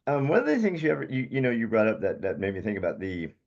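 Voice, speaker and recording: A chatty man with a lowish voice, talking loosely and telling stories on a podcast. The sound is a bit dull and lo-fi. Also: wildly swooping pitch, fast talker, darkish tone. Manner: chatty, storytelling, jokey asides. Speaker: podcast host. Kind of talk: casual interview chat.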